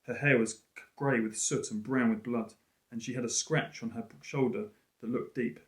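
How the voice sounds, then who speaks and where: A male teacher reading a storybook aloud in an expressive, lively way. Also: medium pitch, normal speed. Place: school room. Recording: roomy echo.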